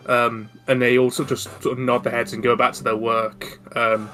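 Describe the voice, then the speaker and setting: A man's voice: medium pitch, flat delivery, moderate pace, few pauses, fairly bright tone, soft background music. A man narrating as dungeon master in a tabletop game, casual and a little stumbling, often laughing.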